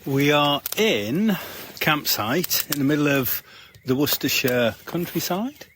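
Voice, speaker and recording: A man's voice: a little high, lively intonation, a little slow, fairly bright tone, slight background noise. A man co-hosting a podcast, bantering casually and laughing often, recorded at a campsite. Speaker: podcast co-host. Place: campsite outdoors.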